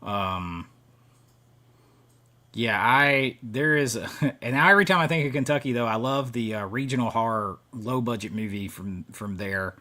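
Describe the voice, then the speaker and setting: A man's voice: mid-range voice, unhurried, bright, forceful tone. A middle-aged man hosting a live stream, chatting casually and rambling as he reads viewer comments, often chuckling between thoughts.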